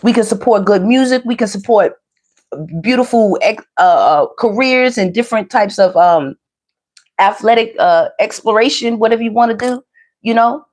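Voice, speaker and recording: A woman's voice: a little high, normal speed, a little mellow. Emphatic woman commenting on clips. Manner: emphatic, repeats phrases for stress. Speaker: tarot and celebrity commentary host. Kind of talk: commentary over played clips.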